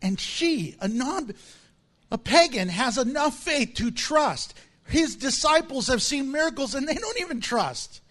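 A man with a notably high voice preaching in a lively, humorous way. He acts out the people in his stories, swinging his voice up and down, and laughs often. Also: measured pace. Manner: animated, acts out voices with big pitch swings. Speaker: pastor. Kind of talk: sermon.

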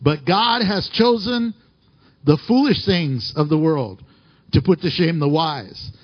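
A man preaching a sermon, reading scripture aloud and swinging between fervent highs and hushed, emotional lows. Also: animated, takes it slowly, dull audio. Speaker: pastor.

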